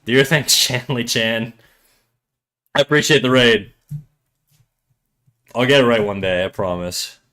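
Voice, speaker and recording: A man with a French Canadian accent, a native French speaker, chats casually on his live stream. His voice sits at an ordinary middle pitch. He jokes and rambles, hopping between English and French as he talks to viewers. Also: unhurried, pauses often, sharp tone. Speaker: livestream host. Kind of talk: casual stream chat with chat readers.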